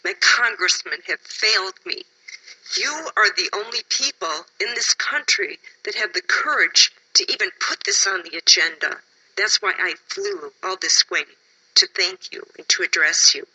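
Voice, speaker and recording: Husky, emotional woman testifying. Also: mid-range voice, moderate pace, pushed and bright, poor audio. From Wisconsin, USA. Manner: emotional, pleading, sometimes drops to a whisper. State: tired. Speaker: public commenter testifying at a hearing.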